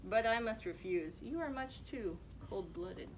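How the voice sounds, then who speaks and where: A woman's voice: medium pitch, lively intonation, a little slow, background noise, close to an everyday voice. A woman voicing a polite, cool-headed young female cockroach who turns down suitors.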